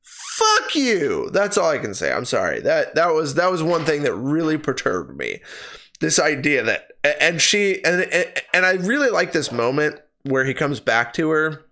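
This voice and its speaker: A man's voice: fairly high pitch, wildly swooping pitch, normal speed, pushed and bright. A man giving a casual spoken film review on his stream into his own microphone, ranting in exasperation and swearing freely. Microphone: personal streaming microphone.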